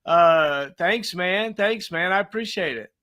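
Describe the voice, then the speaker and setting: A man's voice: high-pitched, measured pace, sharp tone. A man hosting an interview show, enthusiastic and encouraging toward his guest. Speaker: show host. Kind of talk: casual interview talk.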